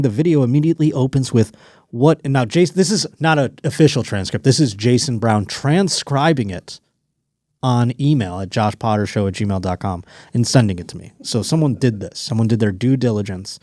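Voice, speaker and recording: A man's voice: on the low side, dark tone, dry recording, studio quality. A man hosting a comedy podcast, telling rambling stories and riffing on the news in casual chat. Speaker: podcast host.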